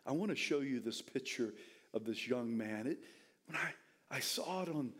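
A male pastor preaching a sermon, bursting into shouted, soaring lines and dropping back into chatty storytelling. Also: moderate pace. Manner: fiery preaching that swings into shouted high bursts, then drops to storytelling; casual, chatty retelling with restarts.

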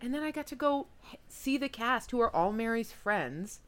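A woman's voice: fairly high pitch, lively intonation, moderate pace. A woman hosting a podcast, chatting casually and joking as she paints a scene. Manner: joking, playful scene-setting. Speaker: podcast host. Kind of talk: casual chat.

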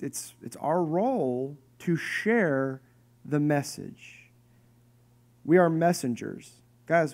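A pastor in his thirties or forties preaching a sermon to his church, conversational and animated, with joking asides. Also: a little high. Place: church hall with congregation.

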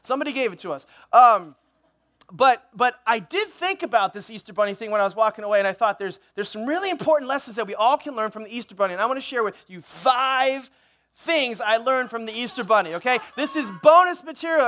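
In a church sanctuary, a male pastor preaches with plenty of jokes, telling a funny story peppered with playful asides. He speaks fairly quickly in a very high-pitched voice, and his delivery stays lively throughout.

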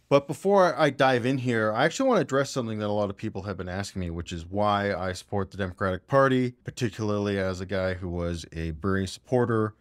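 A man's voice: on the low side, no echo, clean studio sound. A man hosting a podcast, giving casual, blunt and opinionated political commentary. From Canada. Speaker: podcast host.

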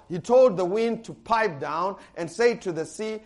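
A man preaching a sermon as pastor, animated, with sudden loud bursts and frequent laughter. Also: high voice, slow pace, pauses often.

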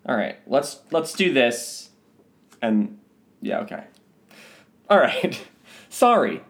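A man's voice: medium pitch, expressive, takes it slowly. Dry, teasing male podcast co-host. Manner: dry, teasing, reads prepared summaries. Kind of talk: casual chat.

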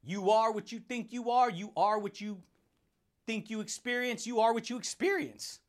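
A high-pitched man hosts a motivational podcast. He talks in a hyped, playful way and breaks into laughter often, calling his listeners buddy and dude. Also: normal speed. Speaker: podcast host.

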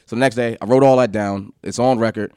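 A man casually telling a story from his college days, animated, swearing and acting out what others said. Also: mid-range voice, fast, clear, resonant tone, dry recording, clean studio sound. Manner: animated, laughing, swearing, acts out quotes.

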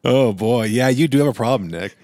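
A man's voice: medium pitch, fairly quick, darkish tone, dry recording. Teasing man, dry close sound. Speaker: podcast co-host. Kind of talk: casual chat.

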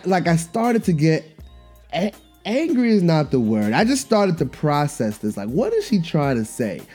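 Animated storytelling man, mellow tone. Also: a little high. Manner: animated, repetitive, slangy. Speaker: podcast host. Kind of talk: casual storytelling monologue.

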